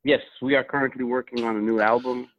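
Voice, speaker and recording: A singer from Minnesota talking about his music as an interview guest, speaking haltingly with many pauses. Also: mid-range voice, steady tone, a bit bright, a little hiss or hum. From Minnesota, USA. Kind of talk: casual phone interview. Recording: tinny phone line.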